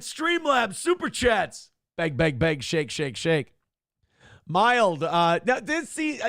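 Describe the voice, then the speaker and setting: A man hosting a morning show, reading viewer chat in a casual, sardonic way and cursing freely. His voice sits a little high and swings widely in pitch, jumping up into a sing-song for the lines he quotes. The sound is dry and close, with no room around it. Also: a bit bright, no echo. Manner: sardonic, mock-indignant, swears freely.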